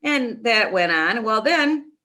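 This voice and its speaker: A middle-aged woman, a nonprofit founder and interview guest, chatting and telling a long story with animated restarts. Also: on the high side, slow pace.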